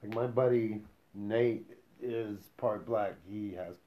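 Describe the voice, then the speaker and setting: A man's voice: lowish voice, steady tone, slow. A man co-hosting a podcast, bantering in casual, teasing, profane chat. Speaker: podcast co-host. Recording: roomy, dull lo-fi sound.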